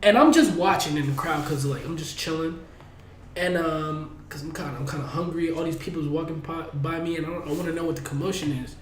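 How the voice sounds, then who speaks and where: A man's voice: on the high side, brisk. Laid-back young man with slangy talk. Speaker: podcast co-host. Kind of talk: casual storytelling chat. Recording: echoey room with faint background noise.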